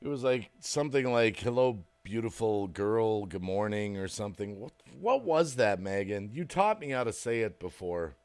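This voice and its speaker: A man's voice: mid-range voice, very animated, normal speed, hardly any pauses. A man from the United States hosting a casual livestream, chatting with viewers and laughing often as he rambles. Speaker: livestream host. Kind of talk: casual chat reading viewer comments.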